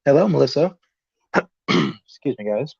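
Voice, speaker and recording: A man's voice: mid-range voice, big pitch swings, unhurried, creaky, darkish tone, husky, dry recording. A young man hosting a casual podcast livestream, nervous and laughing as he reads out viewer comments. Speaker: podcast host. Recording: dull, lo-fi dry sound.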